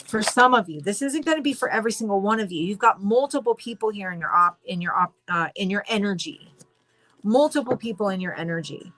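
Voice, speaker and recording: A woman giving a casual spoken tarot reading, excitable and rambling with many restarts. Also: mid-range voice, fairly quick. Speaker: tarot reader.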